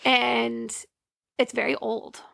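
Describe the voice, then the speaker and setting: A young woman co-hosting a podcast in casual chat, hoarse from being sick and talking softly. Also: flat delivery, no room sound, studio quality. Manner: quiet, deliberately lowered speaking volume. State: hoarse from illness. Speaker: podcast co-host.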